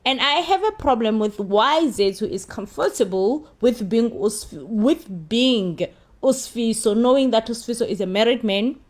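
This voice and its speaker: A woman's voice: on the high side, expressive, measured pace. Emphatic South African woman reviewer. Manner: emphatic, repeats herself, mixes in Zulu phrases. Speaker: YouTube soap opera reviewer. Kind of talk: casual spoken review.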